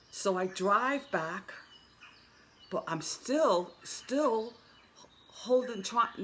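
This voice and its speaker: A woman's voice: lowish voice, a bit bright, a little hiss or hum. A woman telling an earnest personal story in a casual vlog, often repeating and restarting her words. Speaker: spiritual vlogger.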